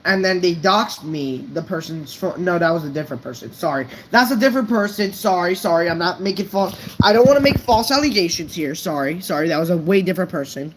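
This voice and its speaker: A woman's voice: lowish voice, lively intonation, a little fast, hardly any pauses, slight background noise, low-quality recording. A woman vlogger ranting unscripted to her viewers, blunt and profane, stumbling over her words. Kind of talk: unscripted rant to camera.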